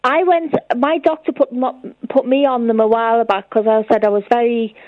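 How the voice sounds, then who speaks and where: This is a chatty woman calling in to a radio phone-in, with a voice a little on the high side. She keeps recounting what she and others said to each other. Her line sounds dull and lo-fi, and close and dry. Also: fairly even intonation, brisk, dry recording. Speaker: caller. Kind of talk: phone-in chat.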